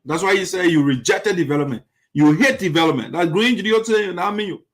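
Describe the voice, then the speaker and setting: Indignant high-voiced man. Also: fast talker. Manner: indignant, rhetorical questions, repeats points. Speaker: commentary show host. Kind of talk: critical political commentary.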